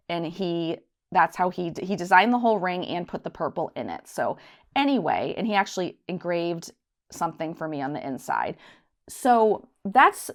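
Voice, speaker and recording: A woman's voice: lowish voice, big pitch swings, normal speed. Chatty woman host telling a rambling story. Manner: chatty, rambling, acts out voices in her anecdotes. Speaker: budgeting channel host. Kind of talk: casual story time to camera.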